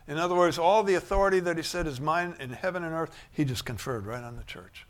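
A man preaching a sermon, shifting from quiet musing to loud, emphatic bursts. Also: on the high side, fast, hardly any pauses.

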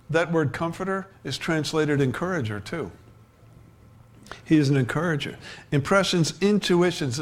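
Man, sermon, slightly high voice, conversational, restarts, chuckles. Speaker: pastor.

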